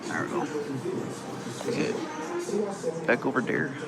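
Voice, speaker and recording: A man's voice: mid-range voice, lively intonation, unhurried, gravelly, over loud music, poor audio. A man with a Midwestern accent talks casually through work on his car, thinking aloud and joking in a dry, self-mocking way. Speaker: car restoration vlogger. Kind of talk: casual garage vlog. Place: home garage and driveway, outdoors.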